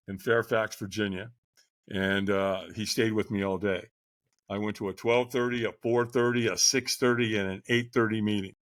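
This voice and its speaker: An older man, a podcast guest, telling his life story candidly in a conversational way and getting animated when he acts out others. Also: fairly low pitch, dry recording, clean studio sound.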